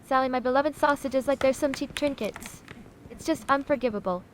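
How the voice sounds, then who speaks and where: The voice is a high-pitched text-to-speech woman at a moderate pace, lightly acted, with a little hiss or hum. In character as a sassy AI chatbot that calls itself a sausage, she's haughty, dramatic and condescending, using honey a lot.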